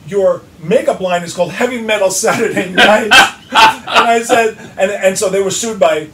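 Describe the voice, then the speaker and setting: A high-pitched man tells his story fast and profanely, playing both sides of each phone call himself. He sounds far from the mic in a roomy space, with clear noise behind him. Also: sharp tone. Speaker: guest musician. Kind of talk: animated storytelling in an interview.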